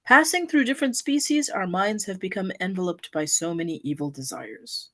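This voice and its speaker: A woman's voice: medium pitch, moderate pace. Woman reading a devotional story expressively. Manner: expressive storytelling, lively and earnest. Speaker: devotee giving an offering.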